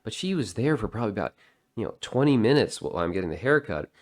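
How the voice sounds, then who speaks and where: Deep-voiced man in a sardonic ramble. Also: very animated, fast. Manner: sardonic, digressive. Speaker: vlogger. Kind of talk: casual rambling monologue.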